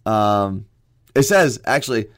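A young man co-hosting a radio show, joking and chatting quickly with his co-host. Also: on the low side, lively intonation, no echo, clean studio sound. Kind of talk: casual radio banter.

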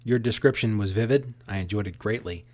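A man's voice: fairly low pitch, fairly quick, a little mellow. A man co-hosting a casual soccer podcast, speaking in an articulate, wry and opinionated way. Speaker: podcast co-host.

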